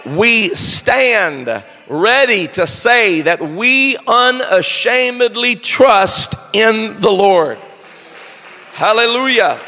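A man delivers a sermon in a high, bright, forceful voice with a gravelly edge. He speaks slowly and deliberately and rises into shouted declarations. The sound carries a long reverb like a large hall. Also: lively intonation. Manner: slow, deliberate preaching that builds to shouting. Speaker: preacher.

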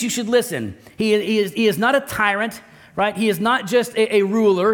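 A male pastor delivering a sermon with a slightly raised speaking pitch. He leans into repeated phrases, then sinks low and slow to drive each point home. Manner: emphatic, repeats key phrases, drops low and slow for stress.

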